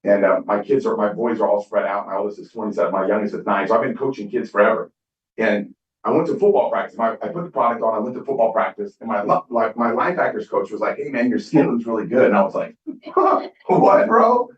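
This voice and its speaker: A middle-aged skincare business speaker from Southern California gives a motivational talk on stage, telling stories and acting out quoted dialogue. His voice is lowish and he talks fast, heard through a distant, echoey, dull hall recording.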